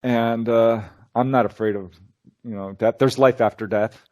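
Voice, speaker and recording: A man's voice: medium pitch, normal speed. A man being interviewed as a researcher, telling stories in a casual way and acting out the dialogue. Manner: animated, acts out quoted dialogue. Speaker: guest, UFO researcher and lecturer.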